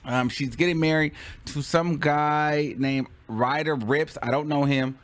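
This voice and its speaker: A man hosting a casual talk show with a fairly high voice. He laughs a lot, talks with lots of energy and acts out the scenes he retells. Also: unhurried, no room sound. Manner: laughing, animated, dramatic reenactments. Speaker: host.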